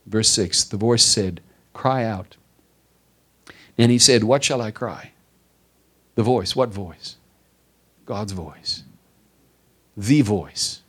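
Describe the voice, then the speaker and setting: A male pastor preaching a sermon to his congregation, building with repeated emphatic phrases and dropping to quiet stresses. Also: lowish voice, takes it slowly, long pauses, slightly rough. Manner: preaching with rising emphatic repetition.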